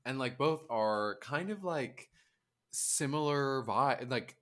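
A man's voice: mid-range voice, animated, slow, a bit bright. Sarcastic man on a profane rant. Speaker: podcast co-host. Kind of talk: casual chat.

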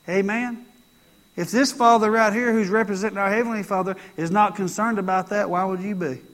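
High-voiced preacher. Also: male voice, fairly even intonation, brisk, fairly bright tone. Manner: conversational preaching with emphatic repetition. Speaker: pastor. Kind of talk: sermon.

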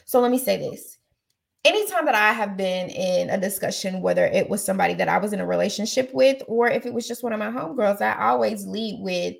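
Outspoken woman with a gravelly edge. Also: medium pitch, animated, brisk. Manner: outspoken, emphatic, repeats phrases for effect. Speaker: podcast host. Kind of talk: casual chat giving advice.

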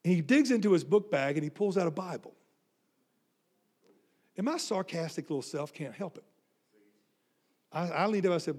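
High-voiced pastor telling a story. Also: male voice, moderate pace, long pauses. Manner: animated, self-mocking storytelling with quoted dialogue. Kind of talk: sermon storytelling.

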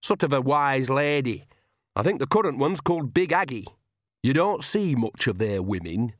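In a storybook reading, a man performs a chatty, earthy old grandmother witch, raising his voice above his natural pitch to a medium register with a sing-song lilt. He talks at a moderate pace in a homely, folksy, cheerfully blunt way, sounding gossipy. The recording is dry and of studio quality.

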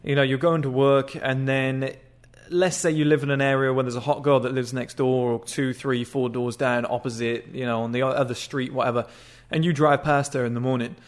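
A man's voice: medium pitch, flat delivery, a little fast. A man giving dating advice in a blunt, crude, casual monologue, sometimes acting out short greetings.

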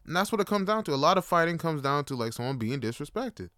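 A man talks through a casual solo monologue in a smooth, resonant voice that sits a little high for a man. He rambles, swears freely and jokes around as he goes. The sound is dry and close to the mic. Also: very animated, fast talker, a bit bright, dry recording. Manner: rambling, profane, jokey, slips into impressions. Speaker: podcast host.

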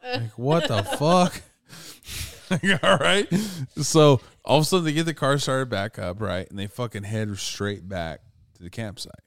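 A man's voice: mid-range voice, moderate pace, gravelly, clear, resonant tone, no echo, studio quality. A man casually telling an urban legend story, rambling and swearing often, with laughs between lines.

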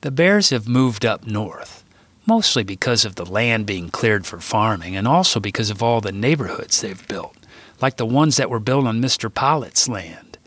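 A man voicing a stern old grandfather who lectures slowly and gravely in a storybook reading. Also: fairly low pitch, animated, a bit bright, dry recording. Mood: explaining. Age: older. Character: stern old grandfather warning about bears.

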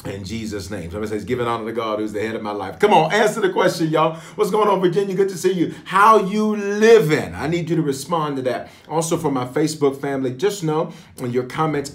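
Lively pastor hosting a livestream. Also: male voice, mid-range voice. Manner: lively, call-and-response greetings to viewers. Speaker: pastor leading online prayer.

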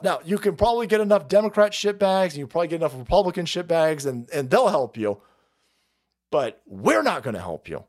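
A man with a high-pitched voice rants through a political livestream. He swears constantly and mocks his targets with sarcasm. He often swells into shouting. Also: lively intonation, normal speed, gravelly. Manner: profane, sarcastic, mocking, swings into shouting. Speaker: political stream host. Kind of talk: ranting political commentary.

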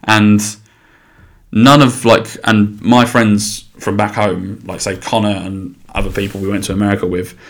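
A young man with an English accent talks casually on his own podcast, his voice sitting a little low. He rambles in a chatty, blunt way, swearing freely and restarting his sentences as he goes. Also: little pitch movement, normal speed. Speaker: solo podcast host.

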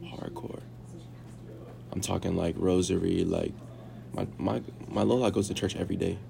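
Young man, very low pitch, heavy vocal fry, casual rambling chat, filler-heavy. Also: steady tone, normal speed, background noise. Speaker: interviewee. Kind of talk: casual conversation.

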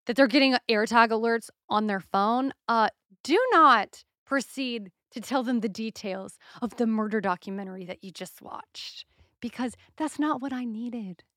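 A young adult woman hosting a podcast, telling a story in a casual, profane and animated solo rant. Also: a little high, no echo, clean studio sound. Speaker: podcast host.

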